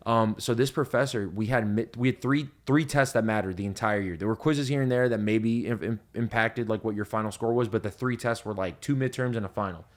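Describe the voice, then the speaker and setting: A young man hosting a podcast, telling stories in casual chat with lots of swearing and loud laughs at his own punchlines. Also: lowish voice, a little fast, few pauses. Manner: profane, animated storyteller, laughs loudly at punchlines. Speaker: podcast host.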